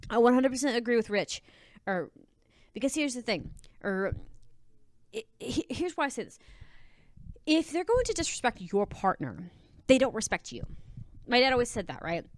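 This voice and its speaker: A woman's voice: fairly high pitch, very animated, normal speed, pauses often, dry recording. Sassy chatty woman commentator, dry close mic. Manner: sassy, chatty, many restarts and asides. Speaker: commentator reading advice posts. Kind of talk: casual commentary on reader stories.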